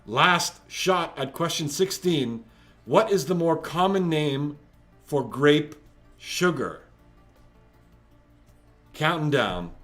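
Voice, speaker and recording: A man runs a home trivia stream, reading questions out with a teasing, chatty humor. His voice sits somewhat high and swings around a lot, and he takes his time with each line. Faint music plays behind him. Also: animated, takes it slowly, long pauses, fairly bright tone. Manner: joking, chatty, teasing players. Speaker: trivia quiz host. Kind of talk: live-streamed trivia hosting.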